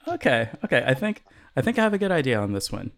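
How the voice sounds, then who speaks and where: A man's voice: mid-range voice, big pitch swings, fast. A man from the US hosting a casual podcast chat, laughing often and hesitating with ums as he asks questions. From United States. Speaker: podcast host.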